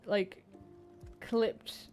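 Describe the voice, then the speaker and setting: A woman's voice: extremely slow, darkish tone, faint music behind. A young woman streaming a story game, reading its text aloud and chatting casually, with playful swearing and frequent laughs. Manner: playful, profane, laughs often. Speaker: streamer playing a narrative game.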